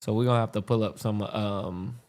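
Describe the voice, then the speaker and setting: A man's voice: fairly low pitch, fairly even intonation, fairly quick, darkish tone. A male podcast host chatting casually and laid-back, reacting to comedy clips. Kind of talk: casual chat.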